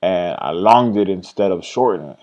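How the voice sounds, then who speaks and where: A young man recaps his day trades in a casual screen-share vlog at a normal speed. He rambles, swears freely, and blames himself, trailing off and restarting, and he voices his own past thoughts in an excited, higher pitch.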